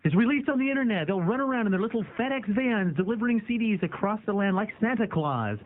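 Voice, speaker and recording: Wisecracking radio host on a tinny line. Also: male voice, high-pitched, lively intonation, fast, a little hiss or hum. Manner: wisecracking, teasing callers. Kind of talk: joking call-in radio banter.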